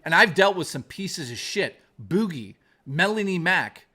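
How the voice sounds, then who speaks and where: A man's voice: high-pitched, very animated, measured pace, pushed and bright. A man on a live stream ranting in anger, swearing often, then reading his chat aloud. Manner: heated, profane, repetitive ranting.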